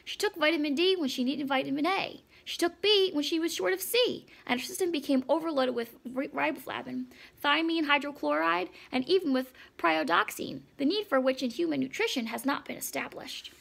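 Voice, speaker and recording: A woman voicing Stuart, a tiny, dapper male mouse who talks in a brisk, commanding way as a substitute teacher in an audiobook story. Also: high voice, gravelly, fairly bright tone, exaggerated voice.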